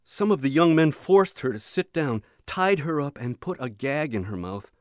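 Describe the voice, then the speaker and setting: A man reading a book chapter aloud in a measured, expressive audiobook narration. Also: fairly high pitch, no echo, studio quality. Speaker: audiobook reader.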